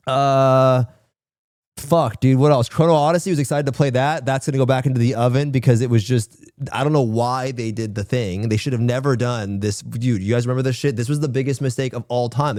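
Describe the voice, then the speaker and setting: A man's voice: mid-range voice, darkish tone, no echo, clean studio sound. A man streaming live, ranting casually and profanely with lots of slang, rambling and exasperated. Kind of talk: casual livestream chat.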